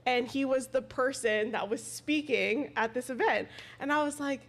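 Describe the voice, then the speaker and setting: A woman talks as a podcast guest in a loose, chatty way, her voice a little higher than most women's. She leans on fillers and quotes what people said to her. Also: normal speed. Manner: chatty, full of fillers, retells conversations. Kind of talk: casual chat.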